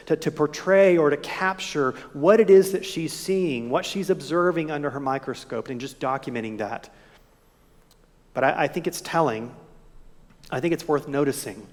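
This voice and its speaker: A man preaching a sermon as pastor, gentle and reflective, posing soft rhetorical questions to the congregation. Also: mid-range voice. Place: church sanctuary. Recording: long hall reverb.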